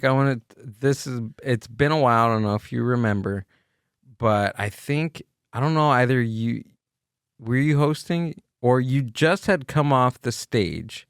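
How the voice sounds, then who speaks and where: A man's voice: medium pitch, smooth, no echo, studio quality. A man hosting a podcast, asking questions in an easygoing way. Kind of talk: casual chat.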